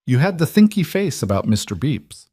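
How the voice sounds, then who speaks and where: Man playing a six-year-old girl, perceptive, matter-of-fact, raised pitch, dry sound. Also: big pitch swings, moderate pace, mellow, breathy edge, no echo. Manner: matter-of-fact, patient, earnest.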